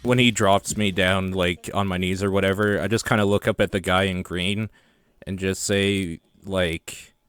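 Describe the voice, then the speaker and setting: A man playing a tabletop game, describing his character's actions calmly. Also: low-pitched, normal speed, smooth, no echo, clean studio sound. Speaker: player. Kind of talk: casual tabletop role-play.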